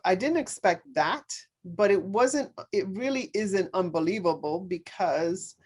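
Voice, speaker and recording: A woman speaking as a podcast guest, telling a personal story in earnest, halting speech full of fillers and restarts. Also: medium pitch, darkish tone, husky. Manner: earnest, speaks openly about faith.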